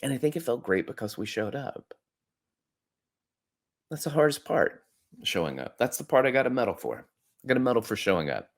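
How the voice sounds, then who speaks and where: A man hosting a podcast, telling a personal story in an earnest, conversational way that grows animated when he quotes others. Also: medium pitch, a little fast, vocal fry, long pauses. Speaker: podcast host. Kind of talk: reflective storytelling monologue.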